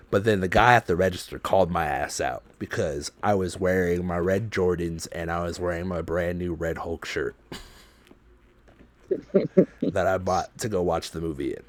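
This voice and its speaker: A man hosting a podcast, telling a story in a loose, profane, animated way. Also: sits low, no room sound. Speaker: podcast host.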